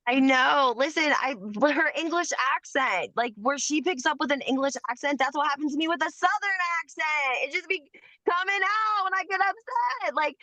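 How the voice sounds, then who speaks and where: A woman co-hosting a podcast, gossiping in an animated, slangy way. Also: high-pitched, normal speed, no echo. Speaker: podcast co-host. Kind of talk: casual gossip chat.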